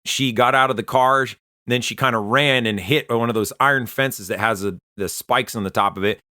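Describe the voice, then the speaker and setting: A man giving an earnest, conversational personal testimony, often pausing and restarting as he tells his story. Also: mid-range voice, sharp tone, no room sound, studio quality. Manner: earnest, conversational, halting retelling. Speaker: Christian testimony speaker.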